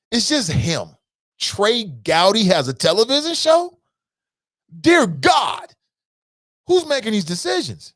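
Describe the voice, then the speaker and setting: A man's voice: a little high, dry recording. A man hosting a news commentary show, giving blunt, profane opinions in a casual chat style and speaking straight to his viewers. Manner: blunt, profane, animated, talks to viewers as "fam".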